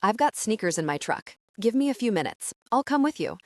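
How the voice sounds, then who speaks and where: A woman reading the part of a gruff, teasing young man, a former ballplayer, in an audiobook. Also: medium pitch, big pitch swings, brisk, a little mellow, no room sound, clean studio sound.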